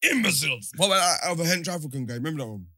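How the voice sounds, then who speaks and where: A young man in casual chat, joking and teasing with quick interjections. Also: fairly high pitch, expressive, fairly bright tone, no room sound, studio quality.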